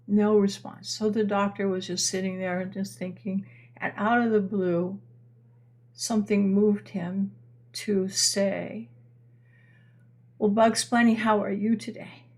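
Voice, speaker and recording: A woman's voice: mid-range voice, level tone, takes it slowly. Chatty older woman astrology host. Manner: chatty and meandering, with many restarts. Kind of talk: live-stream storytelling chat.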